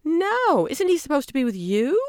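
A narrator voicing a cheerful, helpful woman who organizes an event, speaking brightly and chattily in a storybook reading. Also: medium pitch, big pitch swings, moderate pace, clear, resonant tone, no room sound, studio quality, voice pushed up.

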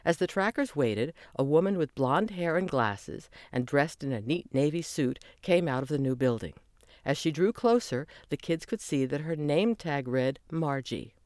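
A narrator reading a children's audiobook in a lively storytelling manner. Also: mid-range voice, normal speed, no room sound.

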